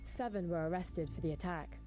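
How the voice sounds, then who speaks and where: A woman narrating a scripted news report in a measured, even delivery. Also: fairly low pitch, faint music behind.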